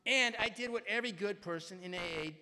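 A man's voice: high-pitched, fairly quick, creaky, bright, forceful tone. A middle-aged man speaking at a large recovery meeting, telling a rambling, self-mocking personal story and often tagging on "right?". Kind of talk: humorous personal storytelling to a crowd. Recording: reverberant hall.

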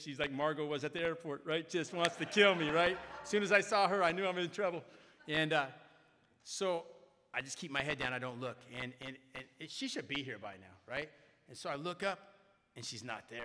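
A man speaking at a recovery meeting, telling a personal story in an animated way and often tagging his sentences with "right?". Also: fairly high pitch, fairly quick. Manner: animated, keeps asking "right?". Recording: echoey hall reverb.

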